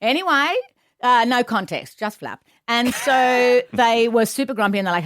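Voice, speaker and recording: A middle-aged woman, a guest comedian, telling an animated story in a radio chat. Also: a little high, moderate pace, no room sound, studio quality. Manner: animated anecdote telling with acted quotes.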